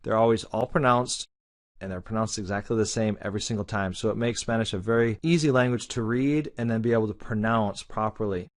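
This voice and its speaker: A man teaching a lesson, explaining in a relaxed, conversational way. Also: lowish voice, a little fast. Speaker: Spanish teacher.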